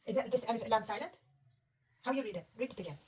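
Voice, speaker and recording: A woman tutors a beginner, her voice high and bright in pitch. She talks patiently and coaxingly, asking one question after another. The mic sits a bit away from her, with a faint hiss underneath. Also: fast talker, recorded from a distance. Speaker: Arabic reading teacher. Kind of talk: one-on-one reading lesson.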